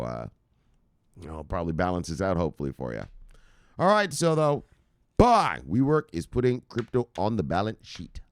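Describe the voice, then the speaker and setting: A man's voice: low-pitched, no echo, clean studio sound. A male host giving casual, loose crypto news commentary from his computer, chatty and profane, laughing often.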